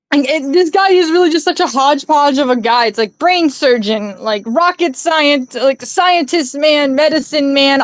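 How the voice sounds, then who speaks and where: Woman streamer, higher voice, rambling casual movie chat, dry close mic. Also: dry recording. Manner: rambling, laughing, lots of fillers and swearing.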